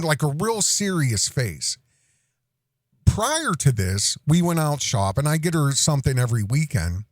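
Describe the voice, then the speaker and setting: Animated rambling male podcast host. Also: dry recording, clean studio sound. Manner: rambling, animated, swings pitch high when imitating a toddler. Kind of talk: casual storytelling monologue.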